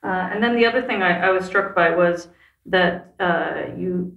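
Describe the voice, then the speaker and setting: A woman's voice: fairly low pitch, moderate pace, muffled recording. A woman hosting a podcast, interviewing a guest in a friendly, conversational way. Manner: friendly, conversational, brief acknowledgements. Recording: roomy sound with faint music.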